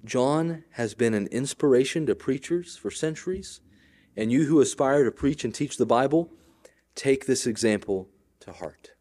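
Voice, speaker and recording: A male pastor preaching a sermon, with wide swings between loud declarations and quiet asides, often checking in with the congregation. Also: mid-range voice, lively intonation, moderate pace.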